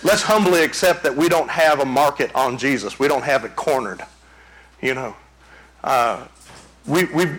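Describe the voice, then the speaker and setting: Bright, animated preacher man. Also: on the high side, rough recording. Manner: animated, conversational preaching with frequent call-outs to the congregation. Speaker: pastor. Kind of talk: sermon. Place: church before a congregation.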